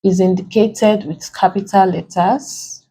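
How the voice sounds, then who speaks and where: A woman with a Nigerian accent teaching an exam prep English lesson, explaining slowly and repeating key terms. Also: medium pitch, fairly even intonation, warm tone, husky. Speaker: English tutor.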